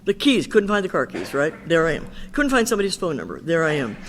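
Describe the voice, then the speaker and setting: A woman's voice: low voice, huge pitch swings, fast talker. Older woman telling her recovery story. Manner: candid, chatty storytelling with quoted dialogue. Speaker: Al-Anon speaker. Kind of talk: personal recovery talk.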